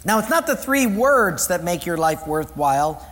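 A man's voice: high voice, very animated, moderate pace, a bit bright, in a large hall. A man preaching a sermon as a pastor, telling a joke story with playful voices and laughter.

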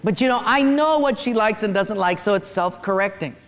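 A middle-aged male pastor gives a sermon. He speaks in a high voice and mixes playful, humorous stories into his teaching. His words carry a long reverb, as if they fill a large hall. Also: fairly quick. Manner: humorous storytelling, lively asides.

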